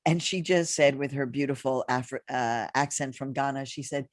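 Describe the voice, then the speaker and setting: A woman's voice: rumbling low, normal speed, no echo, studio quality. A woman moderating a panel discussion over a video call, speaking in a reflective, personal way with fillers and restarts.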